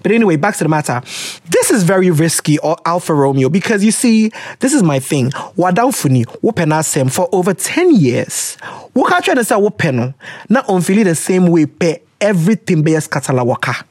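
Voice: medium pitch, sing-song, brisk, darkish tone, slightly rough, no room sound, studio quality. A podcast host with a Ghanaian accent, giving casual advice on listeners' letters and slipping Twi phrases into English.

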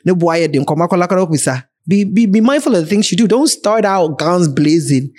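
A man with a Ghanaian accent chats through relationship advice as a podcast host, his voice sitting notably high. He speaks plainly and directly to his listeners, in a casual, advising way. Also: animated, moderate pace, a little mellow.

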